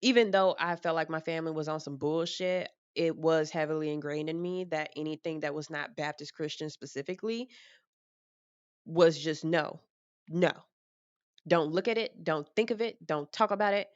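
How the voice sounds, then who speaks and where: A young woman with a low, smooth voice talks frankly and casually, rambling through her thoughts and tossing in some swearing. The sound is dry and close, though a little dull. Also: fairly even intonation, moderate pace, dry recording. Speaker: vlogger. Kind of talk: casual personal talk.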